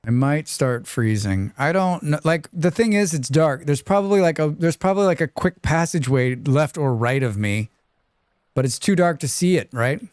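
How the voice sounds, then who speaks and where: Male game streamer, relaxed and rambling, clear dry close voice, reads chat. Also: a little high, moderate pace, no room sound. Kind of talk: casual live-stream chat while playing.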